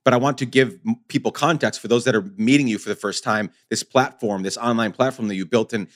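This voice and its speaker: A man's voice: mid-range voice, quick pace. Man hosting an interview. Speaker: interview host. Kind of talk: conversational interviewing.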